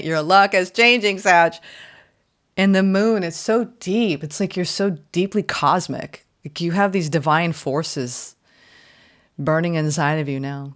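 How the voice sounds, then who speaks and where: A woman with a low-sitting voice gives a casual spoken tarot reading, expressive and emphatic. She swings from loud exclamations to soft murmurs and often says "right?" and "like".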